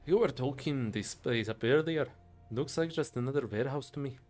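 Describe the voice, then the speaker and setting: A man's voice: mid-range voice, a little fast, a little mellow, soft background music, natural voice. A man reading the lines of a friendly, curious dwarf engineer in a near-natural voice. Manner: reading game dialogue aloud.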